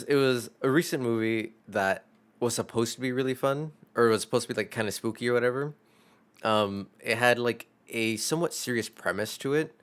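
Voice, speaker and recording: Laid-back young man with a lowish voice. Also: a bit bright. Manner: rambling, self-deprecating, swears freely. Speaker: streamer. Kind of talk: casual chat.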